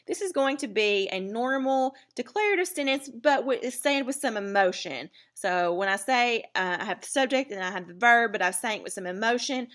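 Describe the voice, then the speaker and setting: Woman teacher going through a writing lesson, bright clear voice, slow careful explaining. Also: medium pitch. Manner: clear, deliberate explaining with fillers.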